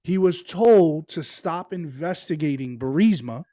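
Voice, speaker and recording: A man's voice: a little high, animated, unhurried, warm tone, dry recording, studio quality. Emphatic man co-hosting a podcast. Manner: emphatic, repeats himself. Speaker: podcast co-host. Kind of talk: casual political chat.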